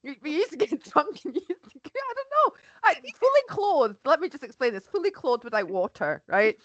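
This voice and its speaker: A woman hosts a casual chat, asking eager questions and reacting expressively. Her voice is high and swings widely in pitch. The recording is dry and lo-fi, with a muffled top end. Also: very animated, a little fast, no room sound. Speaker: host. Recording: dull, dry lo-fi sound.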